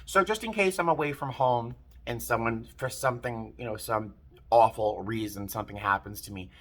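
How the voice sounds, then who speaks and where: A man's voice: medium pitch, normal speed. A man, telling a personal story in a casual, rambling vlog, often breaking off and restarting his sentences. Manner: chatty, rambling, self-interrupting. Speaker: vlogger.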